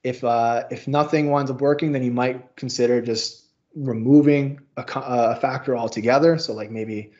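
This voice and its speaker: A man's voice: mid-range voice, fairly even intonation, moderate pace, a little mellow, dull audio. A male instructor giving a casual, explanatory recorded lecture walkthrough with informal asides.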